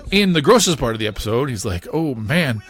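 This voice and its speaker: A man hosting a podcast, retelling a cartoon scene by scene in a casual, animated way with frequent chuckles. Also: mid-range voice, fast. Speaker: podcast host.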